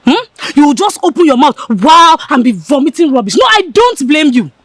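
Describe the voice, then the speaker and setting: A woman's voice: medium pitch, expressive, normal speed, breathy edge, no echo. A scornful scheming young woman. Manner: scornful, insulting. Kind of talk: Nollywood film acting.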